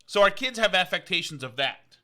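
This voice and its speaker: Man, from Vermont, podcast host, casual rambling talk, halting with restarts, very bright voice. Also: sits high, big pitch swings. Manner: halting, many restarts and fillers, digressive. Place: on location, indoors.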